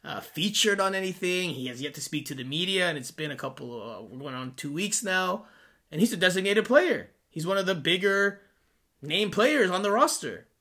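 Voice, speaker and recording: A man with a bright, forward voice sitting fairly high for a man. He co-hosts a sports podcast in loose, casual chat. He talks in an animated, often sarcastic way, with sudden jumps in pitch. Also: normal speed. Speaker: podcast co-host.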